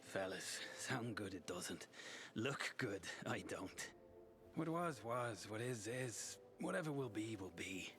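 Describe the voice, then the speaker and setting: A sick, wry lad. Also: male voice, fairly low pitch, lively intonation, slow pace, a bit bright, faint music behind. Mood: wry resigned. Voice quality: wry, fatalistic, brushes off help. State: coughing, unwell. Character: sickly weary young man, coughing, fatalistic. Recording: game audio with clear background noise.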